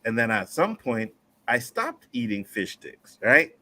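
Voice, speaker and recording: A man from Nova Scotia hosting a casual panel discussion, profane and animated, reading out viewer messages. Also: medium pitch, unhurried, gravelly. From Nova Scotia, Canada. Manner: profane, animated, acts out quotes. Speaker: panel show host.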